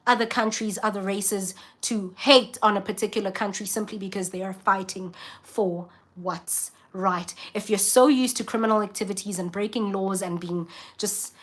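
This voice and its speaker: A woman's voice: medium pitch, steady tone, moderate pace. A South African woman ranting bluntly and emphatically in a casual vlog. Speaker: vlogger. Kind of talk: casual vlog rant to camera.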